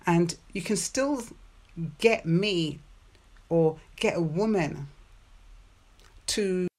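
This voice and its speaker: A woman's voice: lowish voice, darkish tone. A woman hosting a podcast, giving relationship advice in a playful, chatty monologue with personal stories and frequent laughs. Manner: playful, chatty, laughs often, drawn-out stressed words.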